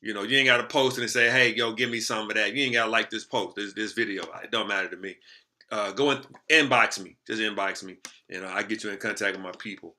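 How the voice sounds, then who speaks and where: A man telling a story to the camera in casual, slangy talk, lively and animated. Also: on the low side, fast. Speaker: motivational speaker.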